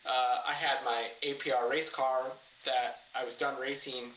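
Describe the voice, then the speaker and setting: In an echoey room with faint ambient noise, a car-building ex-racer spins a story during a casual podcast interview. His voice is mid-range at a normal pace, and he swears, laughs at his own tale, and loudly acts out quoted lines.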